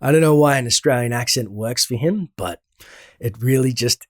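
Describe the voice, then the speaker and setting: A man recapping a comic book story in a relaxed, conversational way, thinking aloud as he goes. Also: medium pitch, normal speed, dry recording, studio quality. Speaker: game lore channel host.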